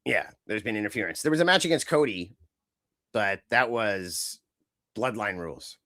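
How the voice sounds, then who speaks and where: A man's voice: lowish voice, normal speed, no room sound, studio quality. A man co-hosting a casual podcast, talking in long rambling runs and acting out what others say. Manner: rambling, animated, acts out quotes. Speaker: podcast co-host. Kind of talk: casual chat.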